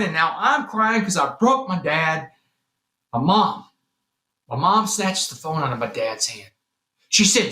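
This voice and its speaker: Telling his own story as a podcast guest, a man from Texas performs dramatically, acting out others' voices in a bright, forceful, sing-song voice that sits high at a moderate pace. The room echoes, and faint music plays behind him.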